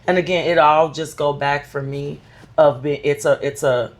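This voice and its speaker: A woman's voice: low voice, steady tone, moderate pace. A woman co-hosting a podcast, talking candidly and emphatically about motherhood in casual chat. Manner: emphatic, candid, personal storytelling. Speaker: podcast co-host.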